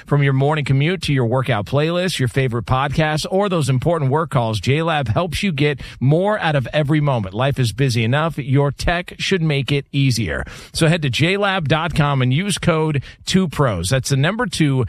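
A man's voice: on the high side, dry recording. A man hosting a sports radio show, bantering with co-hosts and reading an ad.

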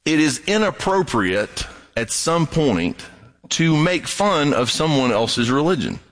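A middle-aged man delivers a sermon with a fairly high voice. He talks in a casual, conversational way and slips into other voices whenever he quotes someone. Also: sing-song, slow, fairly bright tone. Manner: conversational, acts out quoted voices in a raised pitch. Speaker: pastor.

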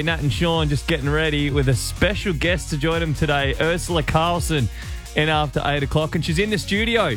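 A man's voice: on the high side, fairly bright tone. Upbeat Australian man, radio host. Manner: upbeat, rattles through the morning rundown. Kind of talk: breakfast radio show intro. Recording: radio studio with music bed.

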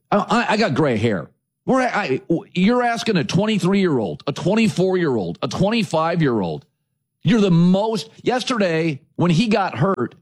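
A middle-aged man hosting a sports talk show, delivering an emphatic, opinionated monologue in punchy lists. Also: high voice.

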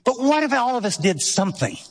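A man's voice: extremely high pitch, sing-song, fairly quick, big-room sound. A man preaching a sermon as pastor, earnest and emphatic, who often asks rhetorical questions.

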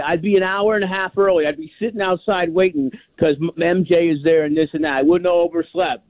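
An older man from New York calls in over a tinny phone line, his voice a little high. His delivery is dry and close, and he rambles with fervour, stumbling over repeated words. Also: no echo. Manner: rambling, repeats himself, fervent. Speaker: caller. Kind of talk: call-in radio chat.

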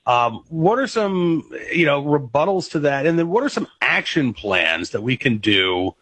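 A male radio host interviewing a guest, halting with many fillers. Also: a little high, sing-song, a bit bright, breathy edge, no echo.

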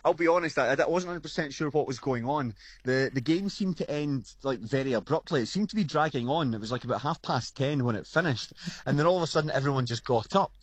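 Excited fan, a man in a radio interview, talks fast, dry sound. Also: mid-range voice, slightly rough, no echo. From Scotland. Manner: excited, chatty, quick restarts. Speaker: football fan guest.

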